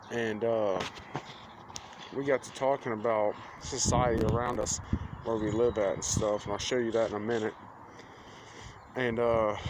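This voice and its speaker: A young man, telling a story to camera in a plain-spoken, earnest way. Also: mid-range voice. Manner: plain-spoken, earnest, quotes others in conversation. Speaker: vlogger. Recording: faint outdoor street noise.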